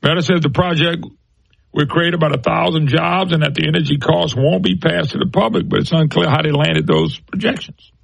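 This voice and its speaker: A man's voice: fairly high pitch, fairly even intonation, a little fast, creaky, no room sound, poor audio. A man hosting a talk show, giving emphatic, folksy commentary and speaking to listeners as folks.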